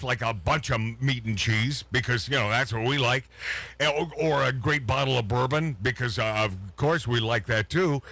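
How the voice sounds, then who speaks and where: A man's voice: medium pitch, a bit bright, dry recording. A man hosting a talk radio show, ranting bluntly and swearing freely about the news. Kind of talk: opinionated talk radio chat.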